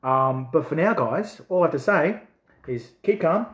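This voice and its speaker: A man reviewing hot chili jerky, excitable and swearing as the heat builds. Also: a little high, moderate pace, reverberant, muffled recording, a little hiss or hum. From Australia. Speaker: food reviewer. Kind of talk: casual chili review vlog.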